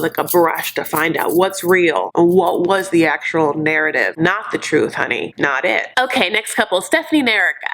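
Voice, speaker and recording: A woman's voice: lowish voice, a bit bright, low-quality recording. A woman hosting a reality TV recap in a campy, sassy commentary style, calling people "honey" and acting out the people she quotes. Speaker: recap show host.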